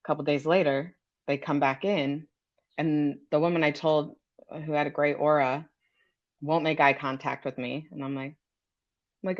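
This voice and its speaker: Low-voiced woman telling her psychic story, candid and swears a lot, kinda muffled lo-fi sound. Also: fairly even intonation, normal speed, pauses often. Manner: candid, swears and laughs easily. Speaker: psychic and energy healer guest. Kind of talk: casual storytelling.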